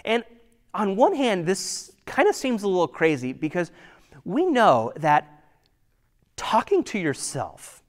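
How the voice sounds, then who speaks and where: A man preaching a sermon in a conversational way, full of rhetorical questions and sometimes dropping to a near-whisper for emphasis. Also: high voice. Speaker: pastor.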